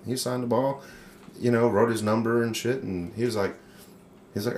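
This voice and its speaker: A man's voice: medium pitch, a little fast, a little mellow, a little hiss or hum. A man on a casual podcast telling a story animatedly, swearing freely and acting out the voices. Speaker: podcast co-host. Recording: roomy echo.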